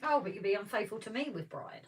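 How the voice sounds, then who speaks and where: A woman's voice: medium pitch, lively intonation, fast. A woman co-hosting a livestream in casual, teasing chat while she works on a model. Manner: chatty, teasing banter. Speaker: co-host of a model railway livestream. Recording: distant mic with faint noise.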